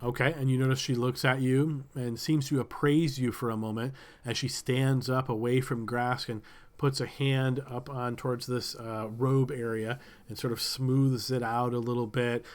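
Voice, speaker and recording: A man narrating a tabletop game as game master, relaxed and searching for words. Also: medium pitch, moderate pace.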